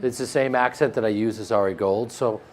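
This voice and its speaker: A man with a flat Midwestern American accent, answering interview questions in a casual, joking way and laughing often. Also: on the low side, a little fast. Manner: animated, joking, laughs often, with frequent restarts. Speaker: actor being interviewed.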